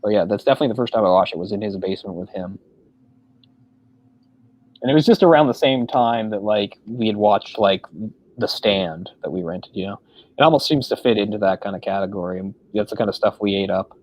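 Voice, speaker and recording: A man's voice: on the low side, a little fast, a little mellow, low-quality recording. A man co-hosting a casual film discussion podcast, talking in a rambling way with many fillers. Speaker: podcast co-host.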